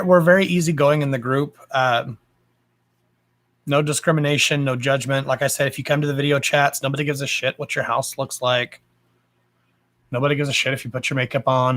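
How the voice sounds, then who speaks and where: The psychic live-stream host is a man with a Texas accent and a fairly bright, mid-range voice. Chatting freely and casually, he welcomes viewers with endearments and lets swear words slip offhandedly, all captured on a low-quality recording.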